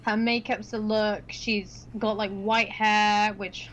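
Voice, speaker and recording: A woman's voice: mid-range voice, level tone, slow, fairly bright tone, dull audio, slight background noise. A woman casually chatting and recapping a movie with a friend, laughing often and using slangy, blunt words. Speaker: stream host.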